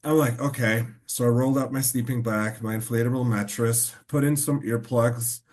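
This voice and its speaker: A man's voice: mid-range voice, fairly even intonation, moderate pace, a little mellow. A man hosting a podcast, telling rambling anecdotes in casual chat. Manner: rambling anecdotes full of fillers. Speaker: podcast host.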